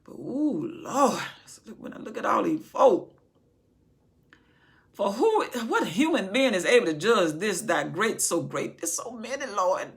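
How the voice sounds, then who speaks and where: A woman's voice: mid-range voice, big pitch swings, a little slow, creaky. A woman voicing a humble, overwhelmed young king pleading heartfelt with his god.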